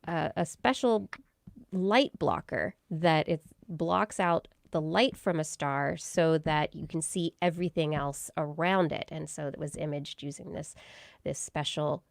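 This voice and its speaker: A woman hosts a science podcast, talking through research in a relaxed, chatty manner. Her voice sits a little low, and the recording is dry with no room sound. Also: gravelly, clean tone, no room sound. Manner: explains research in a loose, chatty way with laughs. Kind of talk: casual science chat.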